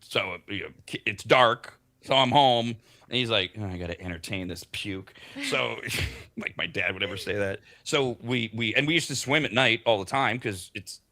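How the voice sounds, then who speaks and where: A man's voice: medium pitch, moderate pace, sharp tone. A man hosting a morning talk show, chatting casually and rambling through his stories with many restarts. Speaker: radio show host.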